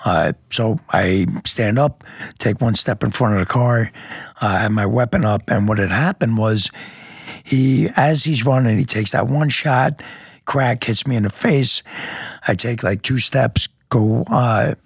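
Gravelly, very husky low-voiced man. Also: a little slow, dry recording, clean studio sound. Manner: vivid storytelling with sound effects and blunt swearing. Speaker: police lieutenant, guest. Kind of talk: step-by-step recounting in a podcast interview.

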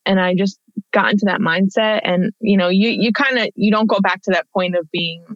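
A woman's voice: medium pitch, steady tone, brisk, no echo. A woman in her thirties, a guest on an interview, telling a personal story in a conversational way with lots of fillers and restarts. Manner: chatty, with many fillers and restarts. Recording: dull, dry lo-fi audio.

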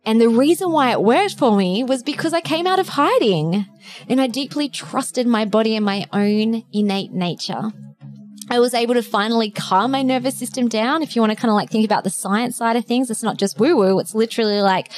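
A woman's voice: fairly high pitch, a little fast. A woman podcast co-host telling a personal story in an earnest, emotional way, with plenty of fillers.

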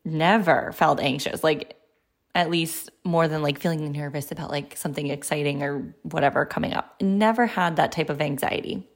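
A woman's voice: deep voice, normal speed. A woman in her thirties hosting a podcast, telling a personal story in a candid, chatty way with many fillers. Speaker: podcast host.

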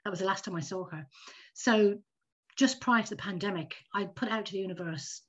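A woman in her fifties telling a personal story in a casual, animated chat as a podcast guest. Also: mid-range voice, a little fast. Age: 50s. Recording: dull lo-fi audio.

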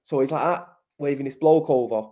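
A man's voice: mid-range voice, a little fast, dark tone. A man from Manchester, telling a story as a podcast guest in blunt, sweary talk, calling the host mate. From Manchester, England. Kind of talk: casual storytelling.

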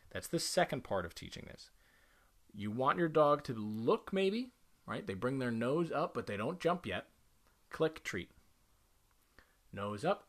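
A man's voice: mid-range voice, a bit bright. A man teaching dog training in a conversational way, explaining each step and often checking in with "right?". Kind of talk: instructional talk to camera.

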